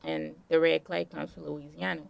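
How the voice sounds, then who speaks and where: A woman guest in a casual interview, telling relaxed stories full of fillers. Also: deep voice, moderate pace, creaky, no room sound. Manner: relaxed storytelling with many fillers.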